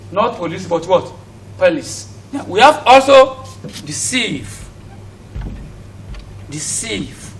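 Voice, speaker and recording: High, bright Nigerian teacher drilling pronunciation. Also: male voice, distant mic, slight background noise, low-quality recording. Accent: Nigerian English. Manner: drills pronunciation, asking "but what?" and repeating each word. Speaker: English teacher. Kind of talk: recorded classroom lesson for students at home.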